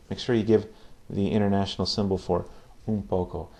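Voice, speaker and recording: A man's voice: low-pitched, steady tone, brisk, a little mellow. A man teaching a casual video lesson on Spanish phrases, patiently repeating each phrase and checking in with "okay?".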